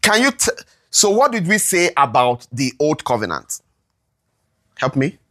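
A Bible teacher leading an interactive lesson, reading verses slowly and deliberately and constantly asking the congregation "all right?". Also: medium pitch, very animated, a bit bright. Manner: checks in constantly with "all right?" and asks the room questions; reads scripture slowly and deliberately.

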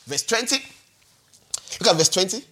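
A man in his forties preaching a sermon as pastor, animated and repetitive, often checking in with the congregation. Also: high voice, moderate pace, breathy edge. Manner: animated, repetitive, peppered with "all right?" and "hallelujah".

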